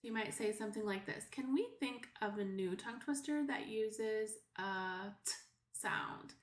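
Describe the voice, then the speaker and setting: A preschool teacher, a woman, giving parents an unhurried, explanatory lesson with frequent fillers. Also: mid-range voice. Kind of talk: instructional video for parents. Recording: echoey room.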